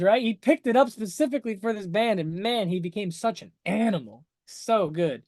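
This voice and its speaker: A man's voice: high-pitched, expressive, moderate pace, few pauses, a little mellow, no echo, studio quality. Chatty man breaking down a song. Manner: chatty and enthusiastic, full of "like" and "right?"; explains music terms to viewers. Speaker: music analysis streamer. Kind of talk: casual livestream song breakdown.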